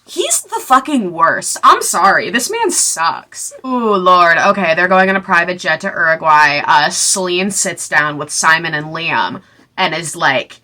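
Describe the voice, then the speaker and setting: A woman in her twenties chats through a book recap in a loose, casual way. She drops sarcastic, exasperated asides as she goes. Her voice has a bright, forward edge. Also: lowish voice, expressive, a little slow. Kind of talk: casual chat.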